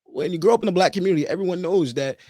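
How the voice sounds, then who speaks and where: A man in his early twenties co-hosting a podcast, chatting casually and joking around with loud laughs. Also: high voice, rapid-fire, dry recording, clean studio sound. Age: early 20s. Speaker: podcast co-host. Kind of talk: casual chat.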